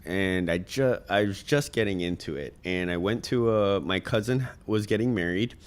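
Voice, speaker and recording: Earnest low-voiced man telling a story. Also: normal speed, clean tone. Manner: earnest, many ums and uhs. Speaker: podcast guest. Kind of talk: heartfelt personal storytelling.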